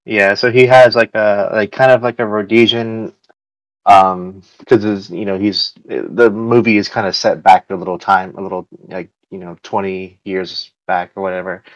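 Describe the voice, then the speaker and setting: A man's voice: fairly low pitch, little pitch movement, moderate pace, no echo, rough recording. A man from the United States hosting a casual podcast chat, rambling along with lots of fillers and restarts. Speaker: podcast host.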